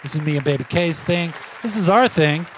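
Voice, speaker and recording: A man's voice: a little high, a little fast, crowd noise. A man hosting a rowdy stoner-comedy podcast, talking in a hyped, slangy way full of homie and yo. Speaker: podcast host. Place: studio. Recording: studio show with music and audience noise.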